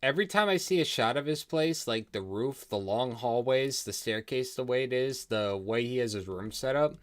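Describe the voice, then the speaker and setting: A man's voice: mid-range voice, expressive, normal speed, dry recording, studio quality. A man hosting a live reaction stream, chatting candidly about the video he is watching.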